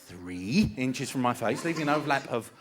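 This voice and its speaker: A man performing a stand-up routine, telling a story with sudden shouted outbursts. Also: mid-range voice, lively intonation, normal speed, noisy background. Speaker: stand-up comedian.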